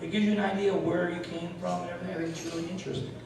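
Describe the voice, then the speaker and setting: A man's voice: high-pitched, flat delivery, very fast, creaky. A male ventriloquist playing the earnest straight man in a stage comedy routine, laughing often, recorded from afar in an echoing room with a crowd. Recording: roomy echo, far mic, crowd.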